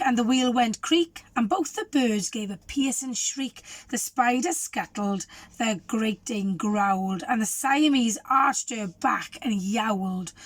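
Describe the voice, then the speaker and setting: A woman teacher, a little croaky, reading a children's storybook aloud and asking the listeners questions. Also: fairly high pitch, dry recording. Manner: warm, asks the children questions. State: hoarse.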